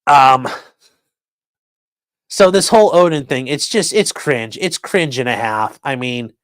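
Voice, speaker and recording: A man at a middle pitch, talking casually and sarcastically on a livestream, mocking people and reading out viewer comments with profane asides. His voice is recorded close and dry, with no room sound around it. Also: animated, a little slow, dry recording. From rural area. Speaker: livestream host.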